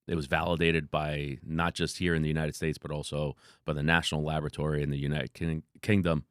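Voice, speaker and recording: A man, a company founder, telling laid-back, animated stories as a podcast guest. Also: low-pitched, clear, resonant tone, dry recording, studio quality. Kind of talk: casual interview storytelling.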